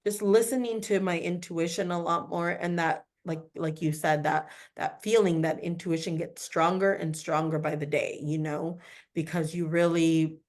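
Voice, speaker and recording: Lower-voiced woman, rambling podcast guest. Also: moderate pace. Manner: rambling, animated, full of "like" and "you know". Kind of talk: casual chat.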